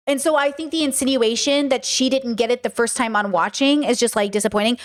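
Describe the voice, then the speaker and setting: Animated young woman in casual chat. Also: high-pitched, fairly quick, few pauses. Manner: animated, swearing, says bro a lot. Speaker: channel host.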